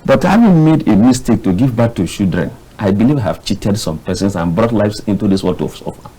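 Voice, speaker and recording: A Nigerian man with a husky voice argues on a TV panel. He sounds exasperated and impassioned, and his pitch swings dramatically, shooting up high in his outbursts. The sound is a studio mic. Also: animated, a little fast, dark tone, rough recording. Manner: impassioned, exasperated, jumps to sudden high bursts. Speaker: public affairs analyst. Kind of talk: heated studio panel commentary.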